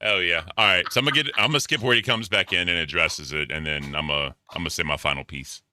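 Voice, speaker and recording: A man's voice: low voice, fast talker, sharp tone. A man hosting a livestream, casually commenting while skipping through clips.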